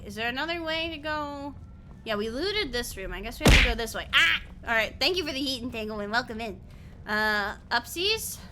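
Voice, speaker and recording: A woman's voice: a little high, sharp tone, slight background noise. A young woman streamer giving chatty, giggly game commentary, swearing freely.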